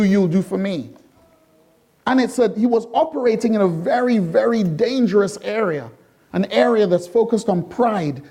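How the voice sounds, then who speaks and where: A middle-aged male pastor preaching a sermon, asking the congregation repeated rhetorical questions and moving between slow, emphatic lines and quick bursts. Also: high-pitched, dark tone.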